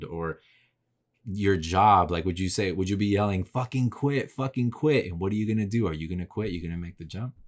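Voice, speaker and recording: A man talking straight to camera in a casual, rambling motivational monologue, full of swearing and repeated rhetorical questions. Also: low-pitched. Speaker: vlogger. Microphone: camera mic.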